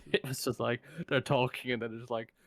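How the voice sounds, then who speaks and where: A man's voice: medium pitch, flat delivery, a little fast. A young man co-hosting a podcast in casual chat, rambling with lots of "like" and swearing freely. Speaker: podcast co-host.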